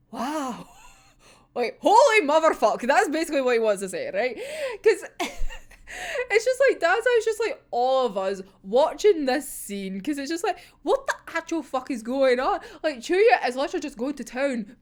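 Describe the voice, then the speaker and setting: Gushing, sweary young woman fan. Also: high voice. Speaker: manga reviewer. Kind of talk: casual fan commentary.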